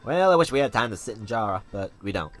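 Earnest southern cowboy, homespun drawl, a bit low, as a man voices him. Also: very animated, fast, a bit bright, soft background music. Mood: folksy. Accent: Southern US drawl put on. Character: folksy middle-aged cowboy man, earnest. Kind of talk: fan voice-over of a game.

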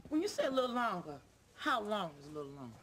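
Woman playing a sassy cashier, lively swooping voice, teasing, hissy old TV audio. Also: mid-range voice, lightly acted. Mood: pleading. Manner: sassy, teasing, quick comebacks. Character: sassy wisecracking working woman, playful. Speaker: store cashier. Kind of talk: sitcom acting.

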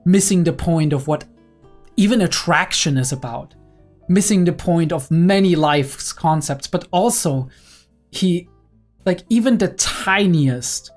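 A woman's voice: fairly low pitch, lively intonation, measured pace, a little mellow, faint music behind. A young woman and psychology student giving analytical anime reaction commentary, often checking in with "right?". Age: young adult.

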